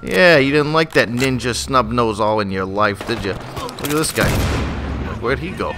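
A gaming channel host gives live gameplay commentary at medium pitch and normal speed, joking, swearing, and staying animated. He uses a desktop USB microphone, and the recording is noisy with shooter game sounds and vehicles in the background.

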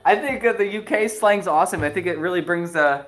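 Excitable, giggly stream host with a mid-range voice, rambling chat between songs. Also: mid-range voice, a little slow, faint music behind. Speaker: livestream host and musician. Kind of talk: casual livestream chat.

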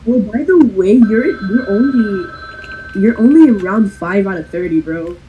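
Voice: mid-range voice, moderate pace, dull audio, a little hiss or hum. A player explaining the rules of a drawing game on a call, dropping Spanish phrases into casual talk. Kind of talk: casual gaming chat on a call.

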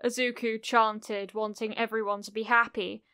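A woman narrating a cozy fan fiction audiobook in a gentle, unhurried storytelling manner. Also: on the high side, little pitch movement, smooth, dry recording, studio quality.

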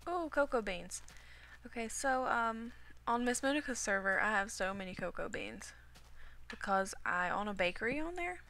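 A woman's voice: fairly high pitch, expressive, moderate pace, pushed and bright, slight background noise. A young woman chatting her way through a Minecraft game at home, coughing now and then after being sick, rambling and talking to herself as she plays. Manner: rambling and chatty, talks to herself while playing. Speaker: gaming video creator. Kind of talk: casual Minecraft commentary.

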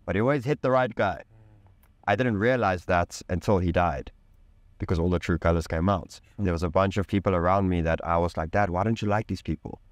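A man with a very low, deep voice tells a personal story in an interview, recorded close and dry with no room sound. He speaks with intense emphasis, uses casual slang and swears freely. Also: a little fast, dry recording. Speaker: podcast guest. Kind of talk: candid personal storytelling in conversation.

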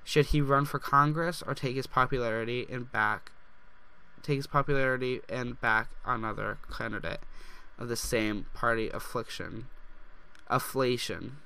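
A young man narrating a life-simulation game, reading its text aloud with slips and gushing with excitement. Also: mid-range voice, clean tone. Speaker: gaming YouTuber. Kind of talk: let's play commentary.

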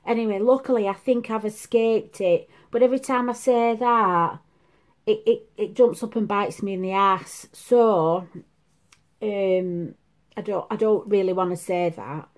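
A woman in her fifties talks at an easy, unhurried pace from her seat at home. She rambles in a confiding, chatty way as she hosts her make-up vlog. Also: medium pitch, steady tone. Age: 50s. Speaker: make-up vlogger. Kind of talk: casual chat. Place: at home, seated.

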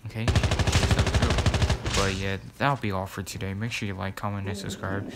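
A man's voice: low voice, steady tone, normal speed, heavy background noise. A man giving casual, rambling gameplay commentary as a gaming YouTuber, repeating words and filling gaps as he goes. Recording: loud gameplay gunfire underneath. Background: loud game gunfire.

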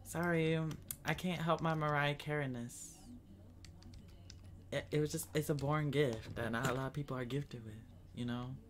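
A man's voice: fairly high pitch, steady tone, normal speed, slight background noise. A man giving casual, dramatic gaming commentary, chatting to his viewers as y'all and breaking into screams when scared. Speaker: gaming streamer.

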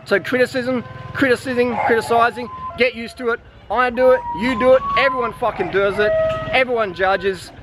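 A man's voice: very high voice, steady tone, normal speed, over loud music. A man vlogging outdoors, giving a blunt, heavily profane, preachy rant to his viewers. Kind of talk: ranting vlog monologue.

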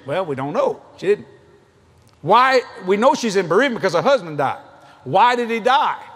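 High, lively husky preacher man. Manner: animated, joking storyteller. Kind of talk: sermon at a convention.

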